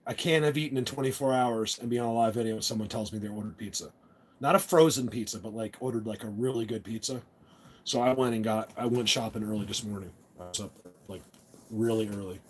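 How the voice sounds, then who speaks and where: Guy doing a loose rambly live stream off his phone, mid pitch, jokey tough talk. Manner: rambling, talks tough in jest. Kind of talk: casual live-stream chat.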